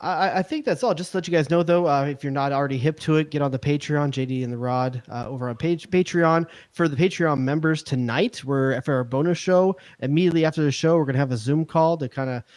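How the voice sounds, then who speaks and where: Fast-talking man ribbing his co-host. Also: a little high, a little mellow, no echo. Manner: quick, playful ribbing. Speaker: podcast co-host. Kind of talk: casual chat.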